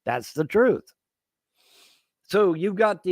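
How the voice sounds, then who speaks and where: Crude, sarcastic man with a lively voice. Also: medium pitch, normal speed, no echo. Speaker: live-stream commentary host. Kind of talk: casual ranting commentary.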